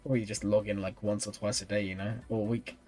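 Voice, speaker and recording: A man's voice: on the low side, little pitch movement, fast talker, a little mellow, soft background music. A tired, yawning man streaming live and chatting casually as he reviews viewers' game rosters and answers chat. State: sleepy, yawning.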